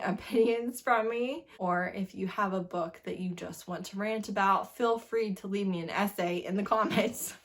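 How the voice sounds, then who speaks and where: A young woman reviewing books in a casual video, animated and exasperated, laughing as she rants. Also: medium pitch. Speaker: book reviewer.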